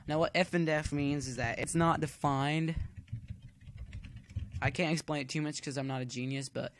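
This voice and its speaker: A man's voice: fairly high pitch, fairly even intonation, moderate pace, a little hiss or hum. A man giving a casual coding tutorial at home, chatty and rambling, filling the waits with corny jokes. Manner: chatty, cracks corny jokes while waiting. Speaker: tutorial maker.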